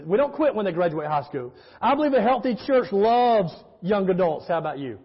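A pastor delivers an emphatic sermon in a church sanctuary, using call-and-response and storytelling. His voice is high and husky, and the recording sounds muffled in an echoey hall.

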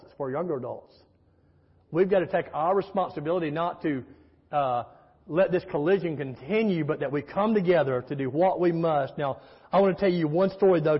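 A man's voice: fairly high pitch, husky. A man preaching a sermon as pastor, emphatic, with call-and-response and storytelling. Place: church sanctuary. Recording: echoey hall, muffled sound.

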